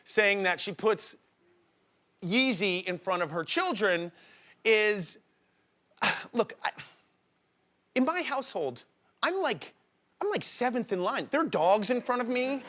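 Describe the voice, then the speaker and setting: A man's voice: high-pitched, sing-song, slow, pauses often, pushed and bright. A man guest-hosting a talk show, telling self-mocking jokes with plenty of laughter. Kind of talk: joking talk show banter. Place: television studio. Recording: studio audience and noisy broadcast audio.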